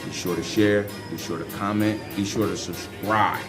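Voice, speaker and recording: This man in his 50s, a sports fan vlogger, speaks in a lowish, steady voice at a moderate pace. Faint music runs beneath his loose, rambling and emphatic talk about his team.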